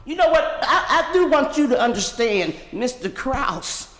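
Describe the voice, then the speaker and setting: Angry woman speaker at a council podium, high animated voice, booming hall. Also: unhurried. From Pittsburgh, USA. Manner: angry, indignant, confronting council members directly. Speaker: public commenter at a city council meeting. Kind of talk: impassioned public comment. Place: large council chamber. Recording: echoey hall with long reverb.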